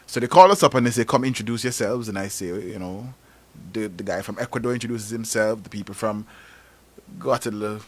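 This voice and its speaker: Man, Antiguan accent, low-pitched, animated storyteller, talk show host. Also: brisk. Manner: animated storytelling, rising to emphatic peaks. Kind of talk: casual talk show discussion.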